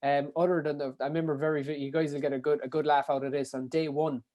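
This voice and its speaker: A man from Ireland with a Kerry accent tells his stories at a rapid clip. His voice sits a little high, and he talks animatedly with casual swearing and plenty of fillers. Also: level tone, darkish tone, muffled recording. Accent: Kerry Irish. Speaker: podcast guest, endurance athlete. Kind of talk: casual storytelling.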